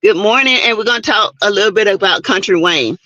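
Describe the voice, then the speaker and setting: A woman's voice: mid-range voice, fast talker, sharp tone, no room sound, dull audio. A woman hosting a casual morning livestream, chatting and greeting viewers by name. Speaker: livestream host. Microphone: streaming setup mic.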